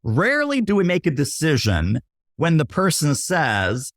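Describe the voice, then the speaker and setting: A man talks sales on a podcast with a lively, swooping delivery. He acts out little scenes of buyers and waiters and keeps checking in with "right?" The sound is close and dry. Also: fairly high pitch, moderate pace, no echo. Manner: punchy teaching tone, often tags lines with "right?". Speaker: podcast guest, sales expert. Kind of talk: casual interview talk.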